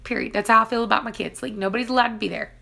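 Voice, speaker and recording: A woman's voice: a little high, racing, gravelly, pushed and bright. Chatty woman telling stories. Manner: chatty, laughs often, acts out quotes. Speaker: vlogger reading live chat. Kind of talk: casual live-stream storytelling.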